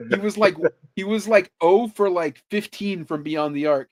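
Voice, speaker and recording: A man on a podcast telling sports stories in a casual, animated way, swearing freely and saying "like" a lot. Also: high voice, moderate pace. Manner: animated storytelling, swears freely, lots of "like" fillers. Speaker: podcast host. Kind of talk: casual chat.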